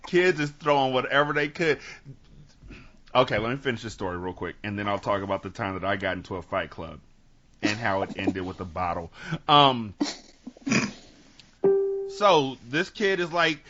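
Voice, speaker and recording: A man from Sacramento hosting a podcast, telling stories with lively acted-out quotes and casual swearing, on dull lo-fi audio. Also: lowish voice, normal speed, long pauses. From Sacramento, California. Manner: animated storytelling, acts out quotes, swears freely. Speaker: podcast host. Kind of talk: casual chat.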